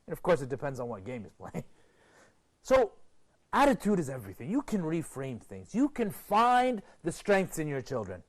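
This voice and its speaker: A man presenting a TV program, giving an expressive motivational lecture to a group and asking rhetorical questions. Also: moderate pace. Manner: expressive, rhetorical questions, sweeping pitch swings.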